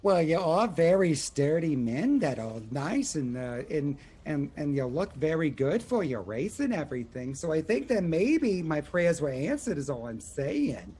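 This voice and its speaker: A man's voice: a little high, big pitch swings, unhurried, few pauses, dark tone, slight background noise. A man voicing a fussy, fawning older tavern matron who calls people sweetheart. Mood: flattering.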